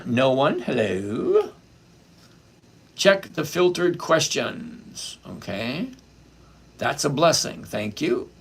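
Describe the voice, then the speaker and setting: Husky chatty man on a trading livestream. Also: a little high, fairly bright tone. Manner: chatty, greets viewers by name, answers questions. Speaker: livestream host reading chat. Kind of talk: casual live stock-trading chat.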